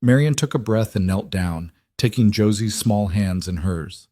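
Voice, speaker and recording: A man reading a romance story aloud as scripted narration, steady and even. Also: fairly low pitch, unhurried, dry recording, studio quality. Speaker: audiobook narrator.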